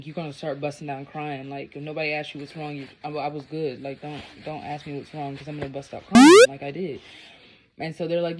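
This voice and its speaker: A woman's voice: deep voice, steady tone, fast, a little mellow, slight background noise. A woman vlogger telling a personal story in a casual, blunt, profane and rambling way.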